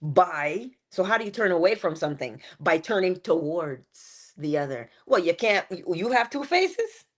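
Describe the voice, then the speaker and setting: A woman giving a motivational morning talk, animated and playful, with chatty asides. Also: fairly low pitch, moderate pace, few pauses. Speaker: inspirational speaker.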